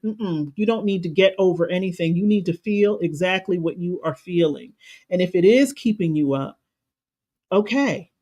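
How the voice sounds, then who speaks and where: A woman life coach giving a motivational talk on a live stream, emphatic and passionate, repeating phrases for emphasis. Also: medium pitch. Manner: passionate, preacher-like cadence.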